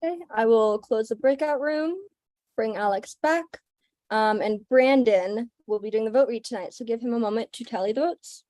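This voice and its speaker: Brisk woman making an announcement. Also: fairly high pitch, dark tone, no echo. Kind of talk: procedural announcement.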